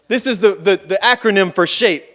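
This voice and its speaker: A man's voice: high-pitched, normal speed, a bit bright. A man preaching a sermon at a church service, telling folksy stories with rambling asides. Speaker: pastor.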